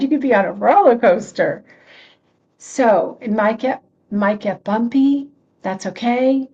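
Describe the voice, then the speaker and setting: Slow-talking woman reverend. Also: mid-range voice, darkish tone, dull audio. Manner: conversational, repeats and restarts phrases, laughs often; reads and answers chat comments. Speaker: reverend leading a prayer circle. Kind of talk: informal spiritual talk.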